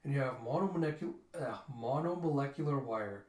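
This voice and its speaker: A man's voice: medium pitch, normal speed. Echoey man reading a comic aloud. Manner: animated, reads out character lines with shouts and sound effects. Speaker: comic readthrough host. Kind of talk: casual comic readthrough with acted dialogue.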